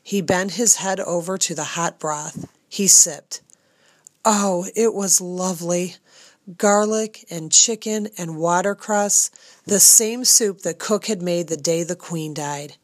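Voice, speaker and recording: Woman storybook narrator, low voice, measured and direct to the reader, dry close recording. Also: dry recording. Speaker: audiobook narrator.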